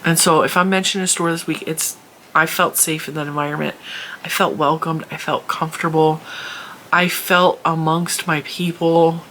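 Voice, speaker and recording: A woman chatting casually as a crochet vlogger, animated, laughing often and acting out what people said. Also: low-pitched, normal speed, a little hiss or hum. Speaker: crochet YouTuber. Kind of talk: casual chatty vlog storytelling. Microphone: camera in a room at home.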